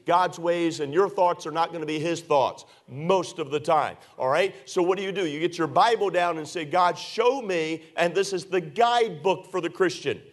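A man preaching a sermon as pastor, earnest and repetitive, with many rhetorical questions and frequent "uh". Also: on the high side.

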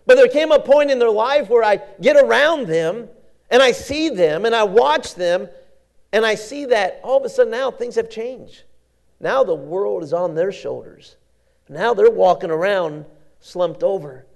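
A man's voice: sits high, expressive, a little slow, creaky. A man preaching a sermon in a folksy, conversational storytelling way, often repeating words and restarting.

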